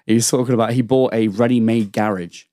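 A man's voice: mid-range voice, fairly even intonation, fast talker, mellow, no room sound. A young man, telling a rambling, sweary anecdote as a podcast guest in casual chat. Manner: rambling anecdotal storytelling, lots of swearing and restarts.

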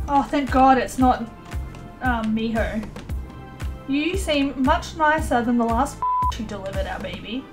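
A young woman casually commentating her life-sim gameplay, excitable and chatty, voicing her characters in quick asides. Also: high-pitched. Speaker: let's play host.

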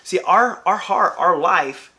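A man's voice: high voice, slow pace. A man, a pastor, giving a devotional church talk and acting out little imagined conversations as he goes. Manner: animated, acts out imagined dialogue.

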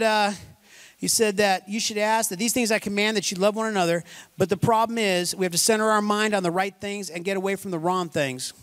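A man's voice: high voice, a bit bright. A man preaching a sermon as pastor, emphatic and folksy, repeating words for stress.

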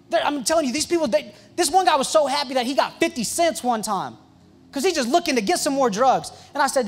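Young male youth pastor, very high voice, excitable storyteller with quick jokes. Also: soft background music. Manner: excitable and joking, with quick asides and restarts. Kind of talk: storytelling sermon.

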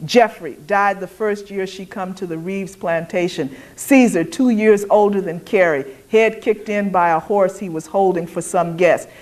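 A woman's voice: mid-range voice, moderate pace, few pauses, a little mellow, close to an everyday voice. A woman reading as a fierce, defiant young enslaved woman. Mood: grieving.

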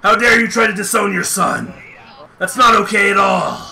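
A man voicing a hulking, hot-headed male warrior in a comedic voice chat role-play, shouting and laughing indignantly. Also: high voice, normal speed, creaky, heavily acted. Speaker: streamer.

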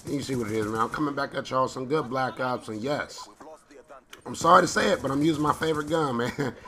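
A man's voice: medium pitch, fast talker, pushed and bright. A young man casually commenting over his own gameplay in a loose, slangy way, often asking "you know what I'm saying". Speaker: gaming commentator.

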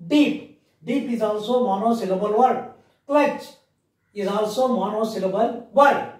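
A man teaching an English grammar lesson with an Indian English accent, slowly repeating words and spelling them out letter by letter. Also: sits high. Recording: echoey room, mic far off.

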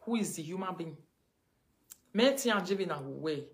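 A Nigerian woman ranting on a livestream, mocking and scolding, her voice swinging between loud outbursts and low mutters. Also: expressive, normal speed. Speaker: livestream host. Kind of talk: casual livestream rant.

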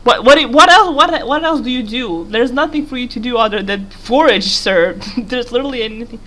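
A woman's voice: on the high side, moderate pace, pushed and bright. A young woman giving casual, giggly commentary while playing a game, rambling and talking to the character on screen. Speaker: gaming YouTuber.

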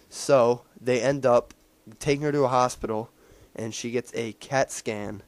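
A man's voice: mid-range voice, steady tone, slow pace, no echo. Rambling casual man recapping a film. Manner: rambling, with many fillers and restarts. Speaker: movie reviewer. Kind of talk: casual spoken movie recap.

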